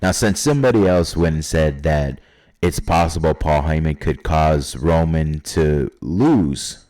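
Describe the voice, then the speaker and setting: Speaking at a measured pace in a warm bass voice, a man casually shares his wrestling predictions on his own. The talk is rambling and hesitant, full of fillers, with occasional lines from imagined fans and wrestlers.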